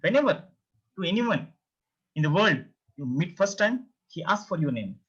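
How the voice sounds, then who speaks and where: A man's voice: high voice, big pitch swings, normal speed, fairly bright tone, slightly rough. A man teaching a beginner language lesson, patiently repeating each word many times and explaining pronunciation step by step. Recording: dull lo-fi recording.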